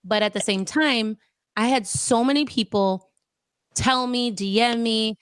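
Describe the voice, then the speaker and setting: Lively high-voiced American woman chatting. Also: a little slow, clear, resonant tone, dry recording, clean studio sound. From Minnesota, USA. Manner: animated storyteller, switching into Spanish. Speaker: Spanish-language radio host. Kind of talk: casual podcast chat.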